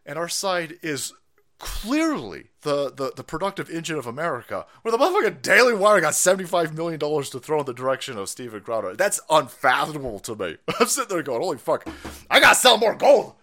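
A middle-aged man hosting a livestream, ranting about politics in a loud, profane, laughing way. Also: on the high side, fairly quick. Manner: foul-mouthed, laughing, animated. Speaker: livestream host.

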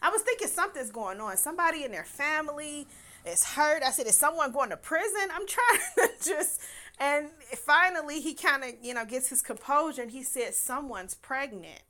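A woman's voice: high-pitched, animated, moderate pace, pushed and bright. A young woman, telling a personal story in a candid, casual way, laughing often and swearing freely.

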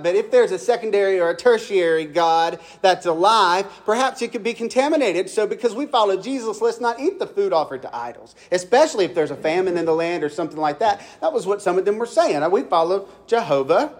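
A man's voice: high-pitched, animated, a little fast, few pauses. A male pastor preaching a sermon. He talks like he's telling a story to friends, loose and conversational, and often restarts a phrase before finishing it. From Kentucky.

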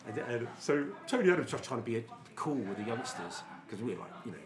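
Man telling rowdy stories, middle pitch. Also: a little fast. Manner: lively storyteller, swears freely. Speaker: podcast co-host. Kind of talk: casual anecdote telling. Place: pub.

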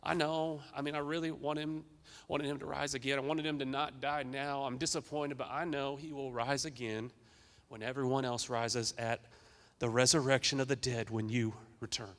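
A man voicing a grieving, doubting woman from scripture, speaking quietly and hesitantly. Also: mid-range voice, flat delivery, moderate pace, long reverb tail, natural voice. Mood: disappointed.

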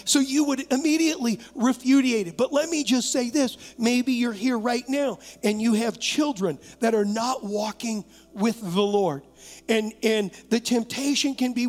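High-voiced pastor preaching in a reverberant church. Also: male voice, moderate pace. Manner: lively, coaxing the congregation to talk back; acts out imagined voices and doubts. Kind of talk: sermon. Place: church sanctuary, live service.

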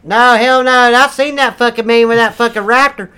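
A man voicing a crude, loud redneck churchgoer who rants and curses, with a put-on drawl. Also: very high voice, fairly even intonation, a little fast, clear, resonant tone. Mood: preachy ranting. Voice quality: brash, profane, rambling. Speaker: comedic character. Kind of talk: improvised comedy role-play.

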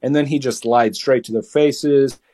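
A man's voice: medium pitch, unhurried. Heated teenage guy telling a story. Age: teens. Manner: heated, animated retelling with many restarts. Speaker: podcast guest. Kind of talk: casual storytelling.

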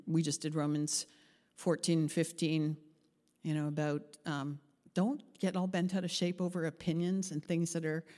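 A woman pastor preaching a sermon, telling a story with lively acted-out voices and frequent laughs. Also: low-pitched, in a large hall. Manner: animated, acts out voices in her story, laughs often.

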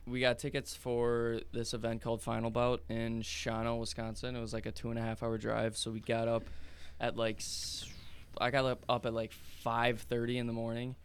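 A man's voice: mid-range voice, completely flat delivery, normal speed, a little hiss or hum. A young man co-hosting a podcast, telling a story casually with lots of fillers and frequent laughs. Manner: laughs often, tells stories with many fillers. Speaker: podcast co-host. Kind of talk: casual chat.

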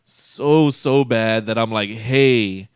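A man's voice: mid-range voice, moderate pace, no room sound, studio quality. A man casually telling a rambling, profane story, often breaking into laughter. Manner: profane, laughing, animated retelling.

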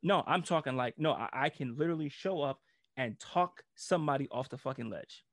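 A man in his thirties, a former police officer, telling a story in casual chat, animated and profane and laughing often. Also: mid-range voice, brisk, no room sound, studio quality.

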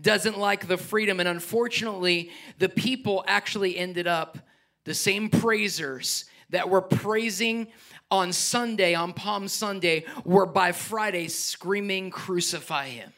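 A middle-aged pastor with a voice that sits high preaches an animated sermon at a measured pace. He climbs to near-shouts, then drops into soft, quiet asides.

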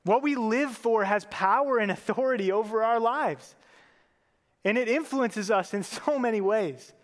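High-voiced man preaching in a reverberant hall. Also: a little slow. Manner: earnest and conversational, with casual fillers. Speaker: pastor. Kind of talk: sermon.

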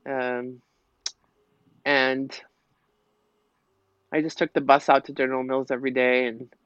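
A woman's voice: a bass voice, level tone, a little slow, dry recording. A middle-aged woman with a Minnesota accent, chatting as a podcast guest in a rambling, storytelling way. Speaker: podcast guest, local piper. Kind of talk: casual interview chat. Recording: slightly muffled, dull audio.

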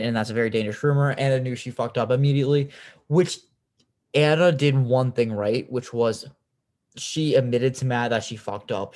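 A man's voice: medium pitch, darkish tone. A young man hosting a podcast, recapping in a chatty, opinionated way, with lots of "like" and free swearing. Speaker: podcast host.

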